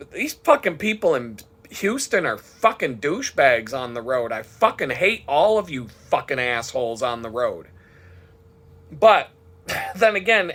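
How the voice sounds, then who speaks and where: A man's voice: mid-range voice, a bit bright. A man talking casually in a rambling, profane vlog monologue, swearing freely as he tells his day. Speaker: vlogger.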